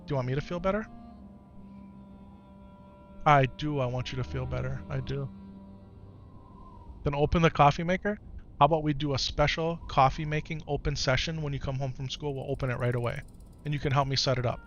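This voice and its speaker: A man streaming live who talks softly and coaxingly with his young son, then reads and answers his chat in casual talk. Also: fairly high pitch, steady tone, a little fast, long pauses, dull audio. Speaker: streamer and father. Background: game music.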